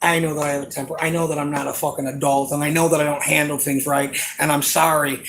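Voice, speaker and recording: A man's voice: fairly high pitch, level tone, quick pace, fairly bright tone, a little hiss or hum. A man in his forties venting in an emotional, rambling monologue, angry and profane, full of fillers. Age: 40s.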